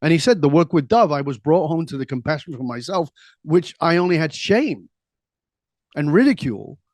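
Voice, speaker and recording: Middle-aged man, interview guest, slightly high voice, animated storytelling, dry close sound. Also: dry recording. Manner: animated, laughs easily, quick asides. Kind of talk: conversational storytelling.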